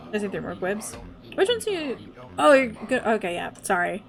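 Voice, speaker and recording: A woman's voice: mid-range voice, big pitch swings, normal speed, vocal fry. A woman streaming a game live, chatting casually, laughing often and cooing at her dog. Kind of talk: casual livestream chat.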